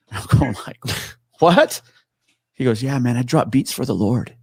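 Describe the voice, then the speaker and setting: A man's voice: mid-range voice, lively intonation, unhurried, gravelly, slightly rough, no echo, studio quality. A man telling a story in casual chat, swearing freely and acting out the people in it. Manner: swears freely, acts out quoted voices.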